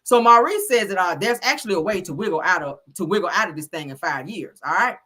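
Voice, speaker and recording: A woman's voice: on the low side, lively intonation, fast, sharp tone. A woman giving casual commentary on a reality show, sassy and blunt, swearing freely and talking straight to her listeners. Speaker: show recapper.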